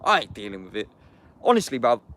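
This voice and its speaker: A man's voice: medium pitch, big pitch swings, a little fast, a bit bright. A young man with an English accent, delivering an angry, profane monologue to camera. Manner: angry, profane, heavy use of slang address.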